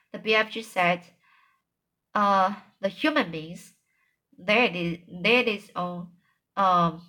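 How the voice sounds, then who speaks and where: Slow, halting woman reading aloud. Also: mid-range voice, sharp tone. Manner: slow, halting, with stumbles and restarts. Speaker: reader. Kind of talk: reading a children's book aloud.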